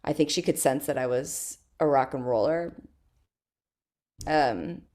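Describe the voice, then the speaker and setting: A woman with a notably low speaking voice chats as an interview guest. She tells her stories in an animated, casual way and breaks into laughter often. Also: unhurried. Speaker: guest, stage actress.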